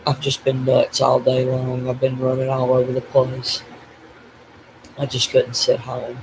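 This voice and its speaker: Older man, crying, grief-stricken, halting, flat voice, noisy recording. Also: mid-range voice. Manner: grief-stricken, self-blaming, halting with restarts. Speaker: vlogger. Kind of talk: tearful personal video diary.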